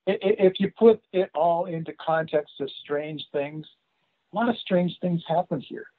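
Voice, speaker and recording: A man guest speaking in a measured, matter-of-fact way in casual conversation. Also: a little high, dry recording. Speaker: interview guest. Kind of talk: casual interview chat. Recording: tinny phone line.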